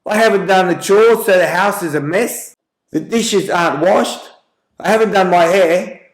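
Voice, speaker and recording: A man voicing an angry, flustered housewife with an Australian accent, in a shrill, drawn-out scolding tone. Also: close to an everyday voice. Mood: exasperated. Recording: roomy echo.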